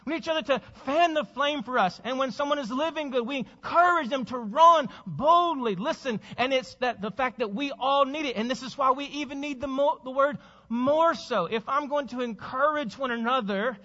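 A man's voice: very high voice, normal speed, hardly any pauses, pushed and bright, long reverb tail, dull audio. A man preaching a sermon as pastor, urging his congregation with repeated rhetorical questions.

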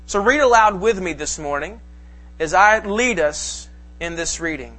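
Man, pastor's sermon, high voice, bright tone, emphatic delivery. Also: lively intonation. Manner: emphatic preaching, slows for scripture reading. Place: church sanctuary.

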